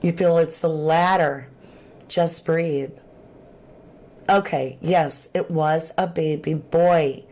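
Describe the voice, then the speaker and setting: A woman with a drawl hosts a true crime livestream, greeting viewers and reacting to their comments. Her voice sits a little low, and she speaks loosely, with plenty of slang. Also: slow pace. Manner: chatty, animated, Southern-tinged slang. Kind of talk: casual livestream chat reading viewer comments.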